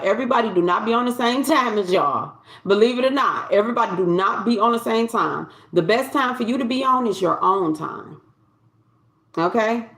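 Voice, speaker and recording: In an echoey room, a tarot reader gives a collective reading in a loose, conversational manner, frequently repeating and restarting phrases. Her voice is medium-pitched with a fairly bright tone.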